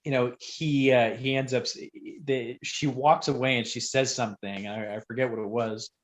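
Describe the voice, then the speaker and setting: A man who is a guest on a podcast, telling a story casually and rambling, with sudden loud bursts when he acts out quotes. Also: mid-range voice, steady tone, normal speed.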